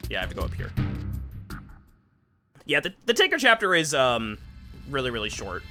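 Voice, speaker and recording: A male game streamer talks casually over his play, rambling and restarting his sentences. His voice is lively and bright, a bit high, with faint game music underneath. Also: moderate pace. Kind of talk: casual live-stream chat.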